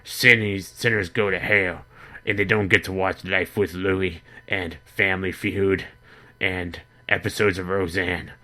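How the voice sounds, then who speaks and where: A man's voice: deep voice, fairly even intonation, a little slow, sharp tone, full character voice. A man voicing a preachy, sanctimonious churchy woman who scolds.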